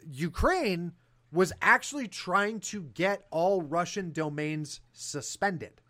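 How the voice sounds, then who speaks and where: A man hosting a political talk show, talking in an animated, sarcastic way with fillers and restarts. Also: sits high, slow. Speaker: podcast host.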